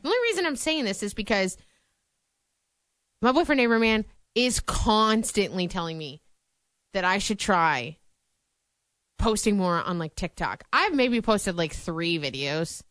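A woman's voice: medium pitch, expressive, a little slow, long pauses, a bit bright, no echo, clean studio sound. A young woman co-hosting a radio show, chatting casually and self-deprecatingly. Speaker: radio co-host. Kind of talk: casual chat.

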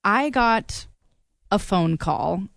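A woman's voice: medium pitch, lively intonation, drawn-out words, gravelly, a bit bright, no room sound, studio quality. A woman chatting casually and telling a wry story, acting out the voices of others. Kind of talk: casual chat.

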